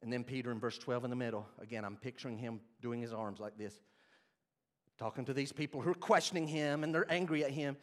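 A man's voice: mid-range voice, fast. A man preaching a sermon as pastor, animatedly acting out the scripture scenes he teaches.

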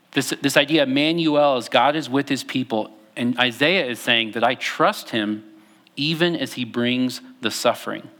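A man's voice: medium pitch, normal speed, a bit bright. A young man preaching a conversational sermon, with frequent fillers and restarts as he reads scripture aloud. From Texas. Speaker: pastor.

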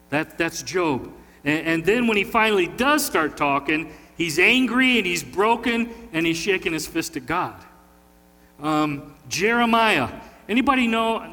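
A man preaching from the pulpit with a bright, forward voice set a little higher than most men's, talking with the congregation and drawing them in with questions. His words ring out into a big church hall with a long trailing echo. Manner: conversational, folksy, asks the congregation questions. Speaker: pastor. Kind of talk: sermon with opening prayer. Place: church sanctuary.

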